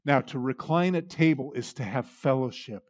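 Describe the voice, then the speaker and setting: A man preaching a sermon, dramatic in delivery, acting out the voices he quotes and swinging from loud to hushed. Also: medium pitch, moderate pace, highs cut off.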